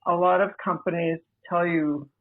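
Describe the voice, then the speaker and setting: Woman, gravelly voice, measured storytelling, tinny phone-like sound. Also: on the low side, steady tone. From United States. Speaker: podcast guest. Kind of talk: personal storytelling. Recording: tinny phone-like remote line.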